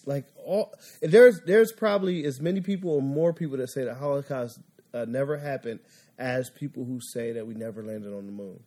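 A man in casual podcast banter, his voice mellow and dark. He talks in a laid-back way and teases his co-host with jokes. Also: mid-range voice, fairly quick. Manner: teasing, laid-back, joking.

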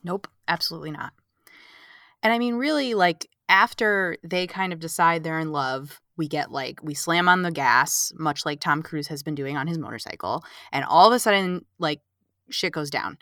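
A woman co-hosting a casual movie podcast, recapping the plot in an animated, sarcastic way and acting out the characters' lines. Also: low-pitched, normal speed, no room sound, studio quality. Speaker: podcast co-host.

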